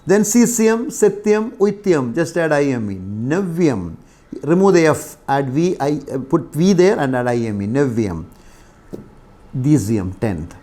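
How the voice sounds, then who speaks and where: Older indian guy teaching french, slow and patient, lots of uh's. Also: a little high, very animated, mellow. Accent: Indian English. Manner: patient, explains slowly with many pauses and fillers. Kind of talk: classroom lecture.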